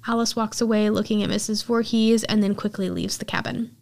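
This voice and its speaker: A woman's voice: mid-range voice, steady tone, a little fast, vocal fry, darkish tone. A woman podcast host casually retelling a film's plot in chatty storytelling full of filler words.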